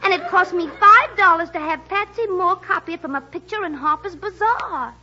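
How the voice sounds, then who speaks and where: An actress playing an excitable, indignant wife with a Brooklyn accent in a 1940s radio comedy, on a lo-fi old broadcast. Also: female voice, very high voice, normal speed, some chatter behind, slight background noise, heavily acted.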